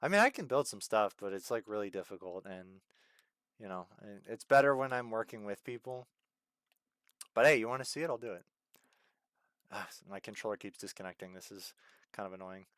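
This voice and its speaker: A man with a hoarse voice chatting casually while streaming a game, ranting in exasperation and swinging between loud outbursts and low mutters into a desk mic. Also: brisk, pauses often, no echo, clean studio sound. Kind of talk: casual gameplay stream chat.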